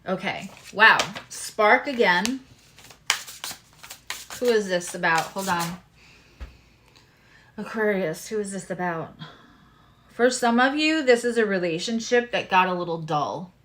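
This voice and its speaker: A woman doing a live-stream tarot reading, talking to her viewers with lively exclamations and asides. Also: mid-range voice, measured pace, long pauses. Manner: animated, talks to viewers, exclamations. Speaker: tarot reader.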